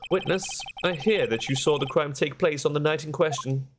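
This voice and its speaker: A man's voice: fairly high pitch, normal speed, background noise, voice pushed up, lightly acted. A man voicing a fussy, formal older male judge in a courtroom game. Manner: formal, ceremonious.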